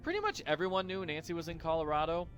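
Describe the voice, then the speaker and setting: A man narrates a comedic parody story, dropping in wry, deadpan asides. His voice is bright and slightly high, and his delivery moves up and down a lot. Soft music plays behind him. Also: fast.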